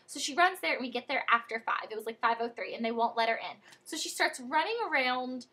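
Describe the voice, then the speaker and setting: A young American woman chatting through a childhood story in a casual vlog, animated and full of fillers. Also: on the high side, fast talker, husky. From United States. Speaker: vlogger.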